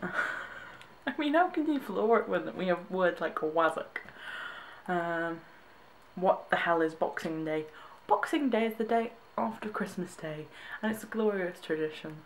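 A woman's voice: on the low side, animated, unhurried, slight background noise. A young woman from Britain reacting to tweets in a casual vlog, amused, laughing often and restarting her sentences. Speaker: vlogger.

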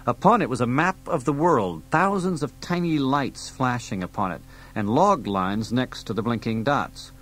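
A man reading an audiobook aloud in a steady storytelling delivery. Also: medium pitch, moderate pace, rough recording. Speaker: audiobook reader. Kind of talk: audiobook narration.

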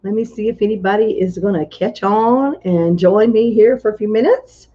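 A woman's voice: mid-range voice, moderate pace. A woman minister on a casual livestream, chatting and greeting viewers one by one with frequent hallelujahs, from a hotel room. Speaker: prophetess and minister. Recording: dull lo-fi livestream audio.

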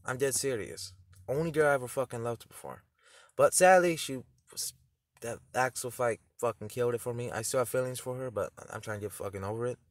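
A teenage boy making a loud, profane reaction video, laughing often as he talks. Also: mid-range voice, a little fast, dry recording, clean studio sound. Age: teens. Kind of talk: reaction commentary.

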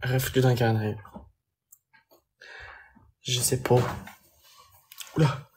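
A man's voice: mid-range voice, little pitch movement, takes it slowly, darkish tone, a little hiss or hum. A young man with a Belgian French accent, reading viewer comments aloud on a phone live stream and answering them casually in English and French.

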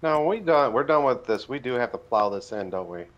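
A man's voice: mid-range voice, expressive, brisk, lo-fi sound. A man co-playing a farming game, chatting casually and asking his partner questions. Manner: laid-back, asks questions. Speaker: co-host player. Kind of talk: casual gameplay chat.

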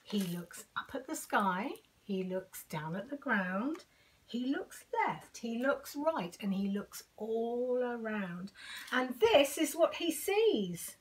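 A woman's voice: on the high side, animated, slow pace. An older woman at home reading a picture book aloud to children, sing-song with dramatic whispers. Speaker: storyteller.

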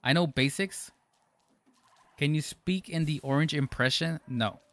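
A man's voice: fairly high pitch, measured pace, fairly bright tone, no room sound. A man streaming a game live, chatting playfully with his viewers, joking and laughing often, sometimes slipping into mock-formal phrasing. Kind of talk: live gameplay commentary, reading chat.

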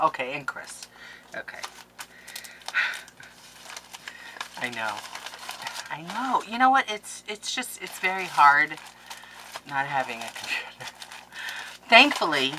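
A woman in her forties talks to her viewers in a low voice with a bright, forceful edge. Her pitch swings widely as she exclaims over the mail she opens. The talk is casual and effusive, recorded on a camera mic at home. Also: big pitch swings, takes it slowly, long pauses, a little hiss or hum, poor audio. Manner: effusive, emotional, exclaims often. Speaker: vlogger opening mail from viewers. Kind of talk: casual chat. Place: home craft room.

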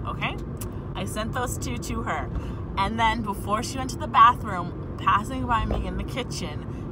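A woman's voice: fairly high pitch, noisy background. A woman from the United States telling a long, irritated story to her vlog viewers and checking in with "okay?" as she goes. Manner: exasperated, repeats "okay?" to the viewers, talks through restarts. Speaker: vlogger. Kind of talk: casual vlog rant to camera.

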